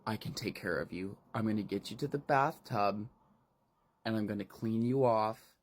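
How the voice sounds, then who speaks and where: A man reading the lines of a motherly young woman who gently reassures a broken man. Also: fairly low pitch, moderate pace, lightly acted. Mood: soothing. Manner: soft, reassuring.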